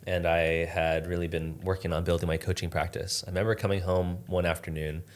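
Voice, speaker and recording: A man's voice: sits low, flat delivery, brisk. A man as a podcast guest, earnestly telling a personal story in a reflective, casual way, with lots of "like". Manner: earnest, reflective, uses "like" often.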